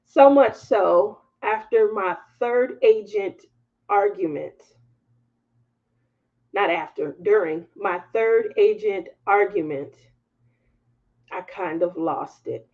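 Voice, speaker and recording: Slow, gravelly-voiced woman chatting to viewers. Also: mid-range voice, highs cut off. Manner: animated, candid, laughs as she tells it. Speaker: craft livestream host. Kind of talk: casual storytelling chat to viewers.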